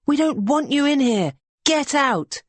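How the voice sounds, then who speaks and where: A woman's voice: medium pitch, normal speed, dry recording, pitched above the performer's own voice, lightly acted. An audiobook narrator voicing a young woman who keeps her voice strained but controlled. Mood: angry. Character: shrewd young woman trying to stay steady.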